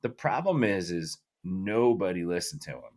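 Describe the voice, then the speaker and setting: A middle-aged man co-hosting a podcast, talking in a loose, profane, rambling way with plenty of fillers. His pitch sits a little low and moves around a lot. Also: big pitch swings, moderate pace, a little mellow. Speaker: podcast co-host. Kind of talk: casual chat.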